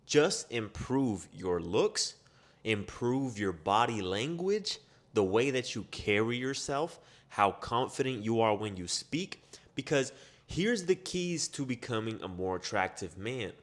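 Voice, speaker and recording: A man giving a motivational self-improvement monologue, blunt and profane, firing off rapid rhetorical questions. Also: mid-range voice, sing-song.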